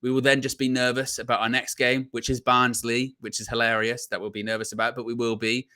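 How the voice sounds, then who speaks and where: A man's voice: medium pitch, little pitch movement, brisk, pushed and bright, smooth. A man hosting a casual football chat, teasing his co-host, laughing often and mimicking friends. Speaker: fan channel host.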